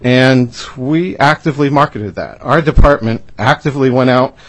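State official guy addressing a committee, formal and measured, middle-pitched voice. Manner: measured and formal, with fillers and repeated words. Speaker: deputy commissioner of a state revenue department.

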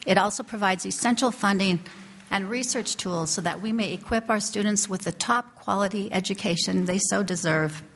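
A woman's voice: mid-range voice, normal speed. Earnest woman presenting a bill. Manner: earnest and steady, reading prepared remarks. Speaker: bill sponsor, legislator.

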